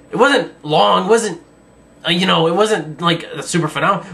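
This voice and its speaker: A man's voice: on the high side, creaky, pushed and bright. A man giving a sarcastic, rambling, jokey review of a wrestling show in a casual style. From Virginia.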